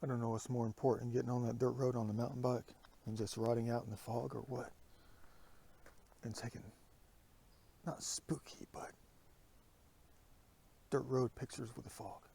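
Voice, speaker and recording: A man's voice: mid-range voice, level tone, moderate pace, vocal fry, pauses often, mellow, husky. A man vlogging outdoors on a wooded mountain road, talking to a handheld camera and often dropping into a whisper. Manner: rambling, often drops to a whisper. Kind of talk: outdoor hiking vlog.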